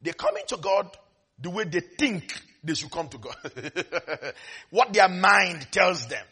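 A man preaching a sermon dramatically, swinging between quiet asides and sudden shouts with laughter. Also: high voice, big pitch swings, takes it slowly, husky.

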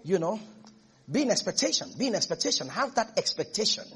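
A man preaching a sermon as pastor, emphatic and repetitive, now and then rising to shouts. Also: high voice, sing-song, fast talker, slightly rough.

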